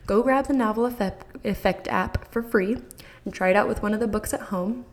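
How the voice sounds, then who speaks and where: An enthusiastic woman hosting a parenting podcast. Her delivery is bright and encouraging, and she talks directly to her listeners like a friendly coach. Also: medium pitch, fairly quick. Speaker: podcast host. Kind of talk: upbeat parenting advice podcast.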